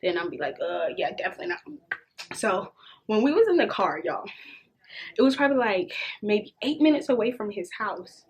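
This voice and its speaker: A young adult woman vlogger telling a casual storytime, animated and swearing freely as she acts out the dialogue. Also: mid-range voice, normal speed, slightly rough.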